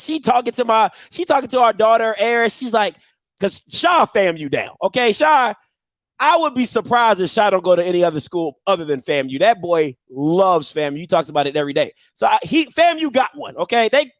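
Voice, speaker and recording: High, lively, animated male host. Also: no echo. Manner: animated, emphatic, slangy banter. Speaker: show host. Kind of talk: casual on-air rant.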